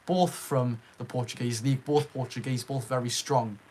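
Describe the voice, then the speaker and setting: A man's voice: medium pitch, steady tone, moderate pace, darkish tone, a little hiss or hum. A young man with a Geordie accent, hosting a casual live stream from home, chatting to viewers and reading out names from the chat. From Northeast England. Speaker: livestream host.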